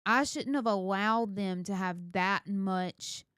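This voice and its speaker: A woman speaks earnestly and directly to her listeners on a conversational podcast. Her voice is smooth and clear, in the middle of the female range. The sound is dry and close. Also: medium pitch, slow, a bit bright, dry recording. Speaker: podcast co-host.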